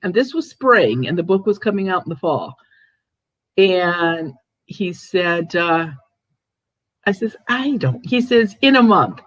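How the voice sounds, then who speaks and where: A woman's voice: lowish voice, takes it slowly, no echo, rough recording. Chatty older woman telling stories. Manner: chatty, animated storyteller with laughs and restarts. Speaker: host, ghost medium. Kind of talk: casual chat, storytelling.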